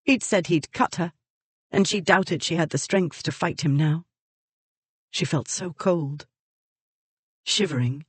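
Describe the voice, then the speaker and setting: An audiobook narrator reading a historical romance in measured, even scripted narration. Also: medium pitch, breathy edge, no echo.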